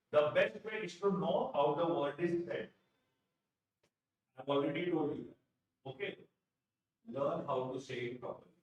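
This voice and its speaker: A man with an Indian English accent teaching vocabulary in a live exam-prep lecture, repeating key phrases and asking questions to answer them himself. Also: fairly high pitch. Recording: very echoey room, distant from mic.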